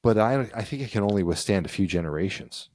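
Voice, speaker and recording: A man from the United States co-hosts a relaxed podcast, talking through an article and laughing easily. His voice sits low. The sound is dry and close, with no room around it. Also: fast talker, no echo. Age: adult with children. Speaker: podcast co-host. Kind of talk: casual explainer chat.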